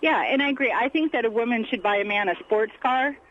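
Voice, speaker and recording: A woman's voice: a little high, quick pace, fairly bright tone, dull audio, a little hiss or hum. A woman co-hosting a talk radio debate, teasing and brushing off the arguments against her.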